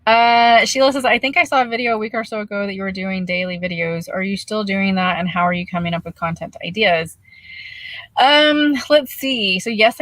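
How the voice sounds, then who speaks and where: A woman vlogger chats casually through a live-stream Q&A from her camper van, reading viewer comments and answering in an easygoing way. Her voice sits at a middle pitch, and the sound is dry and close, with no room echo. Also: a bit bright.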